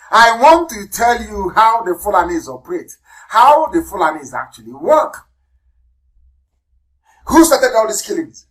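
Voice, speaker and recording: A man with a Nigerian accent giving a live radio address, fiery and denouncing. He repeats words for emphasis and swings between loud bursts and low asides. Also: big pitch swings, measured pace, long pauses, rough recording. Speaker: political leader broadcasting on radio.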